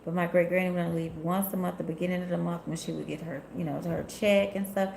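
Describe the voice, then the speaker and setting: A sassy woman, speaking in a low, gravelly voice as she chats with viewers on a tarot live stream. She reads comments aloud and tells stories in a loose, talkative way. The sound carries the echo of a room, with a faint hiss behind her. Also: little pitch movement, quick pace, a little mellow. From Memphis, USA. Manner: sassy, chatty storyteller who laughs often and talks straight to her viewers. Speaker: tarot reader and spiritual healer hosting a live stream. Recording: echoey room.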